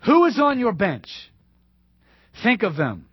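A male pastor preaching a sermon emphatically, repeating key phrases and dropping to hushed asides. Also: high-pitched, wildly swooping pitch, takes it slowly, slightly rough, no echo. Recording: dull dry lo-fi sermon recording.

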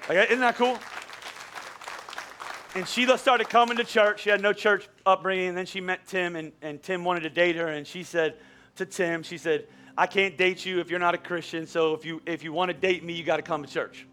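A middle-aged man preaching a sermon as pastor, conversational and animated, at times rising to near-shouts. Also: sits high, normal speed, some chatter behind.

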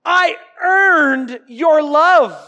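A man's voice: extremely high pitch, extremely slow, sharp tone, in a large hall, highs cut off, pitched above the performer's own voice, heavily acted. A man doing a whiny jealous older brother. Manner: whining, complaining. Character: whiny resentful young adult older brother.

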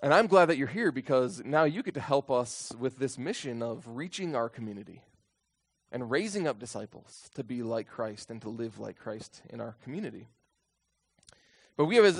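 Animated male pastor preaching. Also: medium pitch. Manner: animated preaching, acts out disciples' pleas in a raised voice. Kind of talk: sermon.

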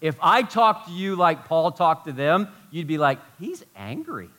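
Man, pastor, sermon, animated, emphatic, rhetorical questions, slightly high pitch. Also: moderate pace.

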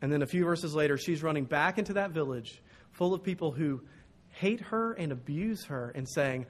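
Animated male preacher telling a story. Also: fairly high pitch, normal speed, hardly any pauses. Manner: storytelling, animated, acts out quotes. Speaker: pastor. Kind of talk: sermon.

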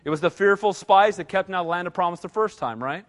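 High-voiced man preaching in punchy bursts. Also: fast talker, fairly bright tone. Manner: conversational, repeats short punchy phrases; often asks the congregation "right?". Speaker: pastor. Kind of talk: sermon.

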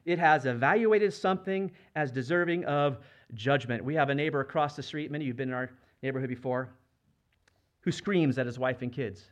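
A man's voice: mid-range voice, a little fast. A man preaching a sermon as a pastor, speaking conversationally and asking the congregation rhetorical questions. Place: church.

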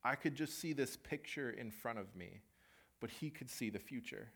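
A young man preaching in a relaxed, conversational way, mid-pitched, sharing a personal story. He brings in what others said with a bit of performance and keeps his talk down to earth. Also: moderate pace, vocal fry, breathy edge. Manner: conversational, animated storytelling with acted-out quotes.

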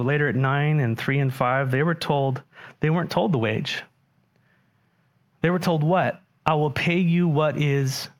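Animated preaching man, fairly high voice. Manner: animated, asks the congregation questions. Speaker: pastor. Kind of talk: sermon.

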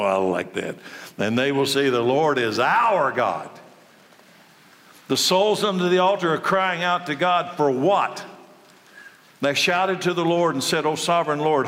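A man preaching a sermon, his delivery lively and swinging between loud and soft. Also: mid-range voice. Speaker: pastor. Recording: long hall reverb.

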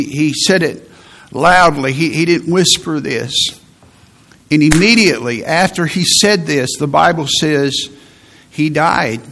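A man's voice: on the high side, gravelly, fairly bright tone. Man preaching with emphatic repetition. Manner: emphatic preaching with repeated phrases and restarts. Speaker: pastor. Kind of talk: sermon.

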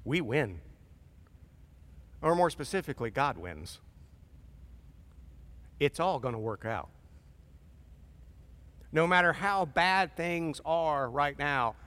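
A man's voice: mid-range voice, a bit bright. A pastor preaching a sermon in a casual, conversational way, acting out voices as he goes. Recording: long reverb of a large hall.

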